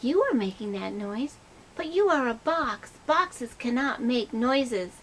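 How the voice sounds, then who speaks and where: A woman voicing a gentle pig puppet who loves surprises, talking slowly and wonderingly in a children's puppet skit. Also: a little high, lively intonation, slight background noise, rough recording. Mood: puzzled.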